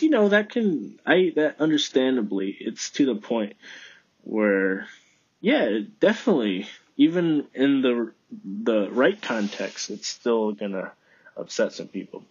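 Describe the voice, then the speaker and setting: A man's voice: mid-range voice, husky, no echo, highs cut off. A man hosting his own podcast, talking alone in a casual, rambling way with frequent swearing. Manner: rambling, profane, self-talking. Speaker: podcast host. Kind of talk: casual solo podcast monologue.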